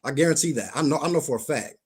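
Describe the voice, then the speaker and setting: Guy on a live stream arguing his point, blunt and pushy, talks a bit high. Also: very fast, slightly rough. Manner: blunt, insistent, repeats himself. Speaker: guest on a live commentary stream. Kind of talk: heated live-stream debate.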